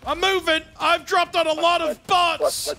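A man putting on the voice of a frantic shouting army sergeant while playing a video game, barking radio-style orders. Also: very high-pitched, level tone, unhurried, pitched above the performer's own voice, heavily acted. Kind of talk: in-character game commentary.

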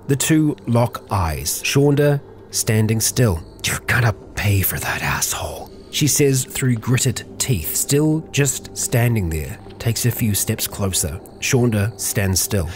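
Calm, chatty man narrating a game. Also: medium pitch, a little hiss or hum. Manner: calm, chatty, narrates in third person about his character. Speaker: let's play host narrating a survival game. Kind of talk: roleplay-style game commentary.

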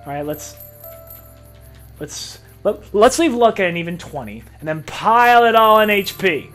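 A man hosting a let's-play video, excitable and profane, often laughing and shouting at the game. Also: high-pitched, moderate pace, faint music behind. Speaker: gaming video host.

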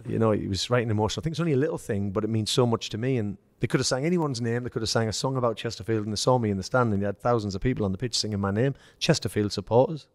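English ex-footballer guest, low dry voice, anecdotal and animated. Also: male voice, rapid-fire, few pauses, no echo. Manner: storytelling, acts out quoted dialogue, laughs. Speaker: former footballer, podcast guest. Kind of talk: casual anecdote telling.

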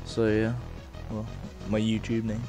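A young man rambling casually through a let's-play of a game on a headset mic, with lots of fillers and sudden shouts of frustration. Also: lowish voice, completely flat delivery, measured pace, over music. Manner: rambling, filler-heavy, bursts into rage shouts. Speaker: gaming video host.

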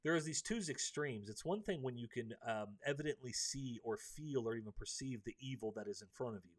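A man's voice: mid-range voice, expressive, brisk. Earnest man preaching through a book. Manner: earnest and preachy, many ums and restarts. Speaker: host of a live book discussion. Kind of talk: live faith-based book discussion.

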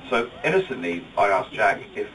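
At a wedding reception, a British man gives his speech in a lowish, fairly bright voice that swings widely in pitch and runs a little fast. He's self-deprecating and jokey, tripping over restarts. The recording is distant, with slight background noise and guests chattering and laughing.

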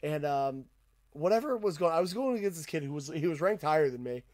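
A young man hosting a podcast, telling a profane, animated story in casual chat. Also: fairly high pitch, fast talker. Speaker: podcast host.

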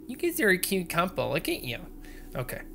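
Bright-voiced man commenting on a game. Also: sits high, huge pitch swings, brisk, vocal fry, slight background noise. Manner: jokey, mutters numbers under his breath, talks to viewers. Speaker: gaming video creator.

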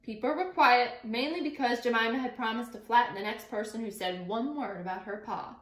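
A woman's voice: fairly high pitch, brisk. A woman teacher expressively reading a picture book aloud and interjecting to her class. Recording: echoey room.

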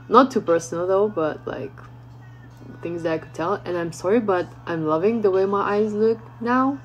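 Animated young woman telling a story. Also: on the low side, a little hiss or hum, low-quality recording. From Ukraine. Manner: animated storytelling, acting out quotes, many fillers. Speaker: vlogger. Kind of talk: storytime chat to camera.

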